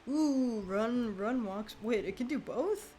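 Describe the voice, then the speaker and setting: A young woman streaming a game live, chatting casually, laughing often and reacting loudly to what happens on screen. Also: on the high side, lively intonation, slow, slight background noise. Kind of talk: casual gameplay commentary.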